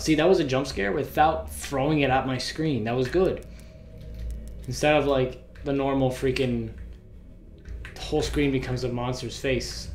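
A man playing a horror game, reading the story text aloud and joking about it, with loud startled outbursts. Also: mid-range voice, roomy sound, slight background noise. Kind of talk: let's play commentary with read-aloud story text.

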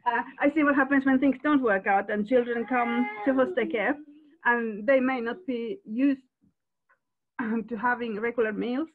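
Brief: older woman foster carer, halting and tearful, high voice, tinny phone-like call audio. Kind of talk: sharing in a Q&A. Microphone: video call.

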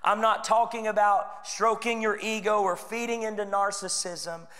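A Texan man preaching in a church sanctuary, his voice sitting fairly high as he talks earnestly and conversationally to the congregation. He acts out little quoted lines along the way. The room's long reverb trails behind every phrase. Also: fairly even intonation, moderate pace, pushed and bright. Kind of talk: sermon.

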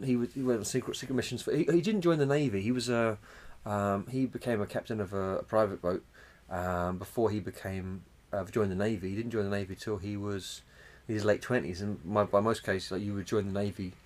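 Man, casual podcast chat, rambling, slightly low voice, sweary. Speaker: podcast co-host.

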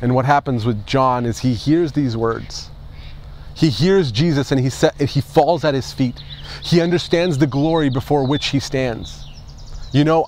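A male pastor delivering an Easter sermon, emphatic, with rhetorical questions and repeated phrases. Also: mid-range voice.

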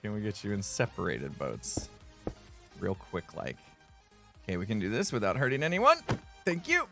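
A man's voice: fairly low pitch, wildly swooping pitch, moderate pace, creaky, long pauses, sharp tone, faint music behind. A man giving playful gameplay commentary, laughing and mock-scolding the villagers in his game. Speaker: Minecraft player.

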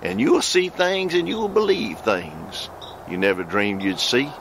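A man voicing the Spirit of the Lord in a slow, drawn-out prophetic cadence, outdoors. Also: fairly low pitch, expressive, fairly bright tone, a little hiss or hum. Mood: solemn. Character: the Spirit of the Lord, solemn and commanding. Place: outdoors near woods.

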